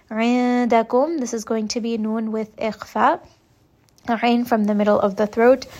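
A young woman teaching Quran recitation rules, explaining each point slowly and patiently. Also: fairly high pitch, darkish tone. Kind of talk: step-by-step tajweed lesson.

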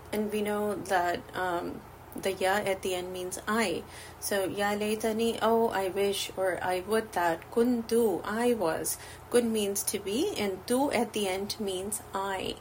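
A woman explains Arabic words one by one at an unhurried pace. Her pitch sits in the middle, and she stays patient and methodical. A faint hum runs underneath. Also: low-quality recording. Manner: slow, patient, glossing each word. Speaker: Arabic teacher. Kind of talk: word-by-word Quranic Arabic lesson.

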